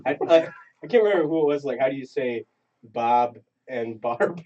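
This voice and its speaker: A man's voice: mid-range voice, animated, moderate pace, a little mellow. A man hosting a podcast in casual chat, rambling with many restarts. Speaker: podcast host. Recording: dull lo-fi sound, faint hiss.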